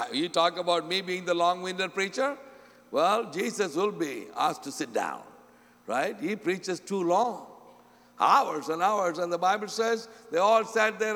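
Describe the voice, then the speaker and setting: A man preaching a sermon, often asking the congregation "Amen?", acting out quoted voices and swinging between loud and soft. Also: sits high, gravelly. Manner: call-and-response, repeats "Amen?" often. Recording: long hall reverb.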